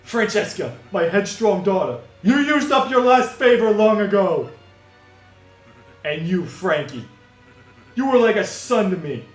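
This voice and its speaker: A man doing a gruff Pianta mafia boss. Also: sits high, animated, measured pace. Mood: angry. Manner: gruff, commanding, theatrical. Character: stern middle-aged male Pianta mafia boss. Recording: echoey room, music behind.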